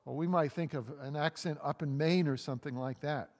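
A male pastor with a New England accent delivers a sermon in a slightly high voice, ringing out through a church sanctuary with a long reverb tail. He preaches with energy, swinging between emphatic lines and softer scripture reading, and acts out the quotes. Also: brisk.

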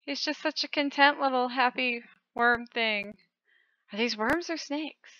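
A woman hosting her own channel, giving casual game commentary in an excitable way, often breaking into gasping exclamations. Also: high voice, a little slow, no room sound. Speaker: channel host. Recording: dull lo-fi dry recording.

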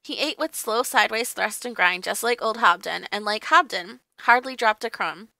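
A woman reading a classic children's book aloud in a lively, expressive way with character voices, recorded close on a dry mic. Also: medium pitch, normal speed, gravelly, dry recording. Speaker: audiobook reader.

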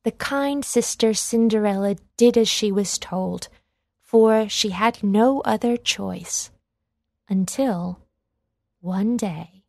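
A woman reading a children's read-along storybook aloud in a slow, clear, deliberate way. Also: medium pitch, darkish tone, no room sound, studio quality. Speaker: storybook reader.

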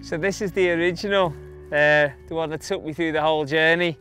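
Faint music plays behind this young English runner, whose voice sits on the high side and sounds bright and forceful. He talks a little fast with fairly even intonation, swapping chatty, filler-heavy stories from his run in an interview, in an English accent.

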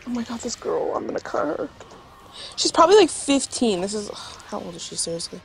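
A woman's voice: mid-range voice, sing-song, a little fast, creaky, a little hiss or hum. A woman on voice chat, ranting about someone online in an indignant, exaggerated way. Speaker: friend on voice chat. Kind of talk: casual gaming chat.

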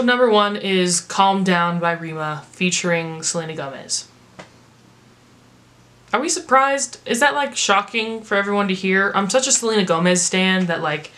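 An American woman in a rambling, chatty vlog voice, pitched a touch low for a woman. She reviews music casually and leans on filler words. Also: a bit bright.

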